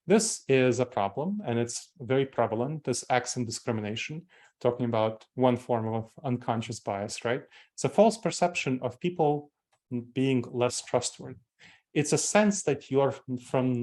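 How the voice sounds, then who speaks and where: A man's voice: medium pitch, expressive, moderate pace, a little mellow. A man in his forties with a Moldovan accent, giving a training talk to company staff and explaining things step by step, repeating key terms for emphasis. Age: 40s. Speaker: corporate trainer.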